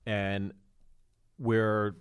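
A man's voice: lowish voice, very slow, smooth. A man co-hosting a podcast, telling stories casually and acting out the quoted lines, with plenty of swearing. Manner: animated storyteller, acts out quoted lines, swears freely. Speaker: podcast co-host. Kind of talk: casual storytelling chat.

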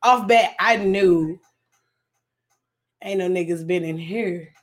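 A woman's voice: on the low side, takes it slowly. A woman co-hosting a podcast in casual chat, candid and storytelling, often repeating her words. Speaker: podcast co-host.

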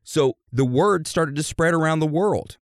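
A man's voice: fairly high pitch, unhurried, no echo, clean studio sound. A man telling history as a crude, irreverent comedy lesson, full of slang and swearing. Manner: addresses listeners like a class. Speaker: storyteller explaining history.

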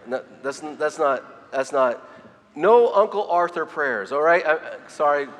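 A man's voice: a little high, animated, unhurried, a bit bright. A middle-aged man preaching a sermon, earnest, often repeating his words as he reads quotes aloud. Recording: long hall reverb.

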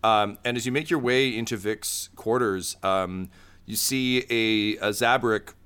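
A man's voice: fairly low pitch, measured pace, fairly bright tone, clean tone. A man running a tabletop game as game master, laid-back and full of fillers.

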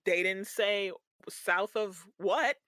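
A woman co-hosting a casual podcast, recapping a show with animated, slangy, playfully exasperated talk. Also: medium pitch, slow pace, no room sound. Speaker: podcast co-host.

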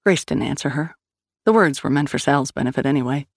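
A woman narrating an audio drama in a steady, measured storytelling voice. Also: deep voice, no room sound, studio quality. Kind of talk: scripted narration.

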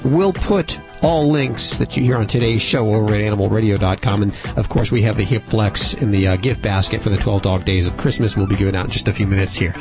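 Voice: mid-range voice, brisk, few pauses, over music. A radio host talking in a friendly, conversational way. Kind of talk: radio interview.

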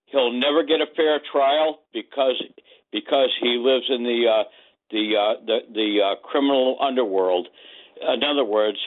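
A man in his seventies calling in to a talk show, speaking bluntly in a commanding, drill-sergeant style. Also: mid-range voice. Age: 70s. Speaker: caller. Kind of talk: phone-in call. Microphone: telephone. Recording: tinny phone line.

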